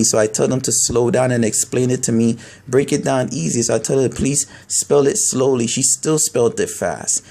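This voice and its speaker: Man from New with a warm, mellow tone. He talks earnestly in a halting way, restarting and repeating himself in a candid video blog. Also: mid-range voice. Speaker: video blogger. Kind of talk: candid personal talk to camera.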